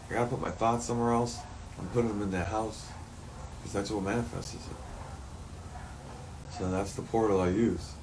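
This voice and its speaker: A man's voice: fairly low pitch, fairly even intonation, a little fast, long pauses, background noise. A man talking through a rambling personal monologue, swearing often and turning heated and emotional at times.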